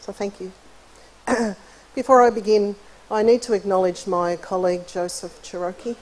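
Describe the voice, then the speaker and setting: A middle-aged woman giving a friendly, chatty conference lecture in a university hall. She often clears her throat between points. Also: medium pitch, level tone, normal speed, a little mellow. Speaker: conference keynote speaker, psychologist. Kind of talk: conversational lecture.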